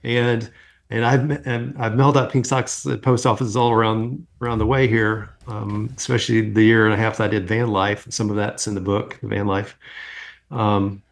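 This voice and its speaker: A man's voice: on the low side, moderate pace, gravelly. A middle-aged man, a guest on an interview show, casually telling stories and acting out the conversations he recalls. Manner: animated storyteller, acts out quoted exchanges.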